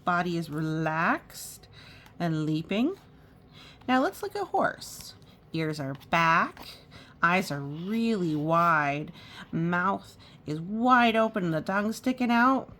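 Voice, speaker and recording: Brief: a woman reading a children's picture book aloud, animated, pointing out pictures, unhurried delivery. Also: on the low side. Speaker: storytime reader.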